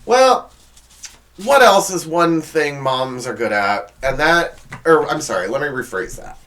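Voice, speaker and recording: Sarcastic man, lively pitch. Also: a little slow. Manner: sarcastic, exasperated, stumbling over words. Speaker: comedy show host. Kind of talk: comedic monologue.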